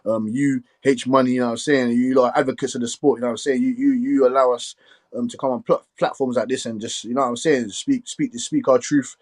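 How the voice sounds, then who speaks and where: A man hosting a casual live stream, talking quickly and filling his speech with "you get me". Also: medium pitch, fairly even intonation. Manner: fast, repetitive filler "you get me".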